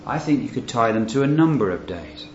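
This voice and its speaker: A man of middle pitch preaches a Bible-teaching sermon in an earnest, questioning manner, stressing key phrases. The recording is roomy and a little dull, with a faint hiss underneath. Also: animated, a little fast, a little mellow.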